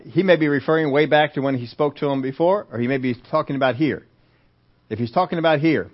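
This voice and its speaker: A man preaching a sermon in a conversational way, often asking the congregation questions. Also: medium pitch. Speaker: pastor. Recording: dull lo-fi recording.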